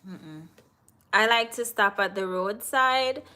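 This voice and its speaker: Jamaican lady live streaming, slow easy talk, answering chat, kinda high bright voice. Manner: chatty, answers viewers in the chat. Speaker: livestream host.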